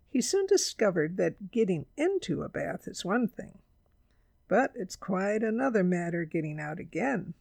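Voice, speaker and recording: A woman reads a children's storybook aloud in a clear, measured way. Her voice has a gravelly edge, recorded close and dry. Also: fairly low pitch, a little mellow, no echo.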